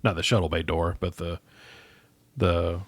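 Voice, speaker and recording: A man's voice: deep voice, level tone, measured pace. A man playing a tabletop role-playing game, talking in a hesitant way and thinking aloud. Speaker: player. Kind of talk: casual tabletop role-play.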